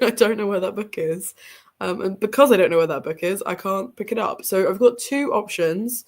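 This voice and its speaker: A woman's voice: medium pitch, moderate pace. A young woman hosting a reading livestream from home, sounding stuffy and congested, chatting in a rambling way with lots of ums and small laughs. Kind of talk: casual livestream chat. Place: home room with bookshelves behind her.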